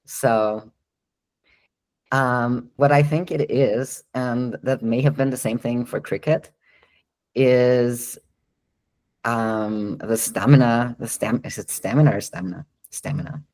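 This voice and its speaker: A man's voice: medium pitch, fairly even intonation, slow, pauses often, darkish tone, poor audio. A man working as a dog trainer, answering listener questions in a live online Q&A. He explains at length in a chatty way, with frequent ums and light laughs.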